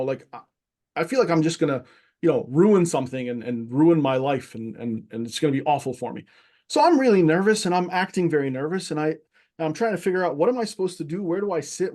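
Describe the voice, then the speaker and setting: A man speaking as a guest, telling a story from his childhood in an animated, casual way with many restarts. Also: a little high. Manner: animated, many restarts, acts out quoted voices. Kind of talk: casual conversation, personal storytelling.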